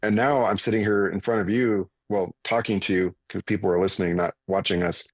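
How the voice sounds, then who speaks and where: This radio guest, a fitness coach in his forties, recounts a story in an earnest, plain-spoken, conversational style, turning animated during the retelling. His voice is on the low side and a little fast, with no echo and dull audio.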